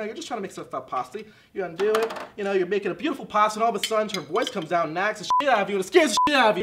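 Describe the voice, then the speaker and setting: In a comedic infomercial parody, a man plays a fast-talking pitchman with a fairly bright tone. His rambling sales patter, full of "okay?", keeps sliding into bitter rants about his marriage.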